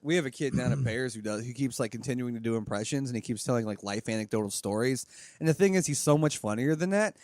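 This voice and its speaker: A quick-talking man co-hosting a loose podcast, teasing and joking with coarse language. His voice is close and dry, with no room sound. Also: medium pitch, darkish tone, no echo. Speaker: podcast co-host. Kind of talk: casual chat.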